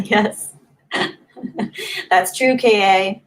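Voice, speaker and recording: A woman with a mid-range voice and lively intonation stretches out her words as she hosts a casual livestream. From her Southern California home, she reads viewer comments aloud, chatting and laughing along the way.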